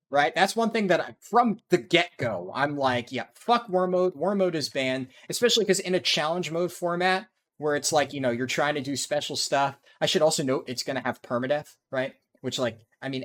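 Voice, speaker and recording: A man's voice: mid-range voice, fairly bright tone. A man giving ranting, profanity-heavy commentary over his speedrun gameplay. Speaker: speedrunner and video creator.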